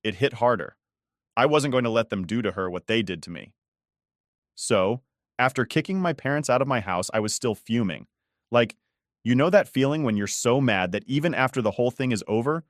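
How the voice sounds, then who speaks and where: A man's voice: medium pitch, lively intonation, moderate pace, dry recording, studio quality. A man narrating a first-person story in a casual, conversational way, swearing often.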